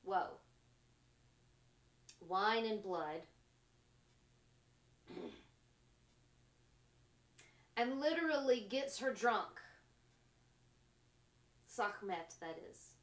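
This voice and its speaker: A woman talks in a very slow, drawn-out way, musing in short fragments and laughing softly between her thoughts. Her voice sits at an ordinary pitch and carries the echo of a bare room. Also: lively intonation. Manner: slow, musing, trailing phrases with frequent laughs. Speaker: podcast host. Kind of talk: reflective spiritual monologue.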